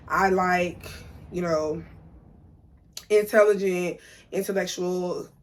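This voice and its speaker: A woman's voice: on the low side, a little hiss or hum. A young woman, talking casually to camera, blunt and opinionated, repeating her points for emphasis. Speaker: vlogger.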